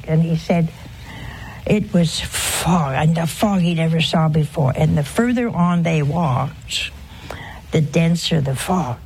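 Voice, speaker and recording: A woman speaking in an unhurried, measured way, her voice sitting a little low. She talks earnestly and with emphasis, at times dropping to a hushed voice. A faint hiss of noise lies under her speech. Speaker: religious broadcaster. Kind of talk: informal spiritual talk with a story.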